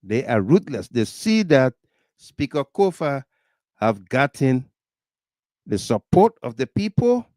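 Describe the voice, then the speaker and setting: A man with a Liberian accent hosting a political talk livestream, animated, laughing often and reading viewer comments aloud. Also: medium pitch, slow pace, pauses often, no room sound. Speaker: talk show host.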